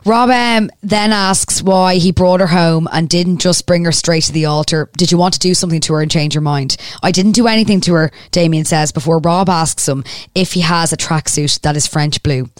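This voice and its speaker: A woman, recapping a TV episode on a podcast, swearing and reading out scenes quickly. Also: low voice, dry recording, clean studio sound. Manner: narrates scenes quickly, swears, drops to near-whisper asides.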